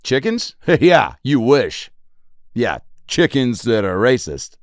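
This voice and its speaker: Animated, rambling comedian in his forties. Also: mid-range voice, takes it slowly, no echo, studio quality. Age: 40s. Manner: rambling, profane, jumps into acted-out voices. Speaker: comedian podcast host. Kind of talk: solo comedic storytelling.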